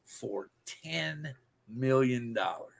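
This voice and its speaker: A man hosts a podcast and tells a long joke, rambling along and restarting his sentences often. His voice is gravelly and husky. His pitch swings widely as he talks. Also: lively intonation, very slow. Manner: rambling, embellished storytelling with restarts. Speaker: podcast host. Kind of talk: casual joke telling.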